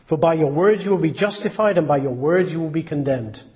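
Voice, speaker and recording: A man's voice: fairly high pitch, brisk, a little mellow. A man preaching a sermon in an earnest, plain-spoken way, asking his listeners rhetorical questions. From England.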